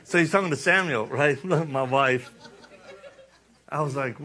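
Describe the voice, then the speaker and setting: A man's voice: on the high side, a little slow, pauses often, pushed and bright. A man preaching a casual sermon, folksy and joking, acting out the dialogue of the story.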